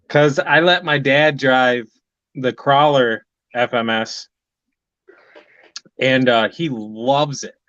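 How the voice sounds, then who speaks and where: A man talks slowly and casually, pausing on fillers as he thinks. His voice comes through dry and a little dull, like a remote call line. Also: mid-range voice, fairly bright tone, dry recording. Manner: unhurried, trails off with fillers. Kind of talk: casual chat.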